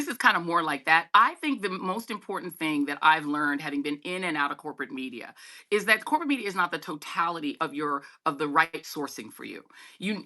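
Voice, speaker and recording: Animated, bright-voiced woman. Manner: emphatic, swings pitch widely, talks to listeners as y'all. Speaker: guest journalist. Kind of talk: animated political conversation.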